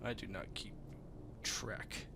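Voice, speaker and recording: A man doing a guttural otherworldly spirit trapped in a young woman's body, speaking low and quietly in a tabletop game. The voice is gravelly and drawn out. The words come slowly and coldly, with a weary aloofness. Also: fairly even intonation, background noise.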